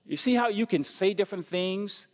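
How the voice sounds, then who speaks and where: This sermon comes from a pastor whose voice sits a touch high, delivered at normal speed with lively intonation. He trips over words and repeats himself while putting questions to the congregation. His voice trails off into a long echo in the sanctuary.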